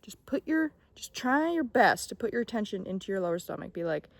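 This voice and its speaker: A woman's voice: mid-range voice, big pitch swings, a little fast, dry recording. A young woman giving casual, emphatic self-help advice, swearing freely, dropping at times to a whisper and often checking in with "okay?". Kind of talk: casual motivational talk to camera.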